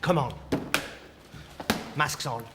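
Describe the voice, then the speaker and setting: A man's voice: mid-range voice, drawn-out words, noisy background. An actor playing a nervous young doctor in a sitcom, flustered and anxious as he bluffs through the job. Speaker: junior hospital doctor. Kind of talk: sitcom acting. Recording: TV sitcom audio with faint ambience.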